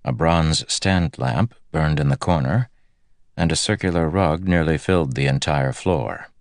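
A man narrating a fantasy audiobook in a steady, even manner. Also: a bass voice, measured pace, dry recording, clean studio sound.

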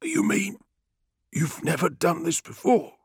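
A man voicing a panicky, whiny male tech-priest in an audiobook, with a high, shrill, frantic delivery. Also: sing-song, unhurried, vocal fry, a bit bright, slightly rough, no echo, studio quality, heavily acted. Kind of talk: audiobook character voice.

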